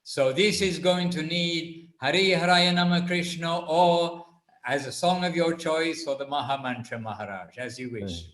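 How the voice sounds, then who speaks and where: A man's voice: a little high, normal speed, a bit bright, reverberant. A man politely speaking to a teacher and guiding the group onward.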